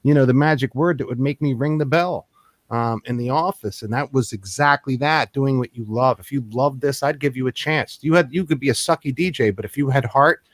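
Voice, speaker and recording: A podcast host from Philadelphia with a Philly accent, chatting excitably with a guest, often repeating words and laughing. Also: male voice, medium pitch, fairly quick, no echo, studio quality. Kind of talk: casual interview chat.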